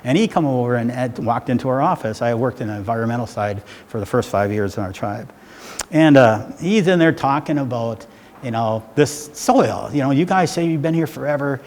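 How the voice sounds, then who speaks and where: A man's voice: medium pitch, expressive, moderate pace, a little mellow. A middle-aged man giving a public talk as loose, rambling storytelling, often checking in with "right?". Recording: hall reverb with faint background noise.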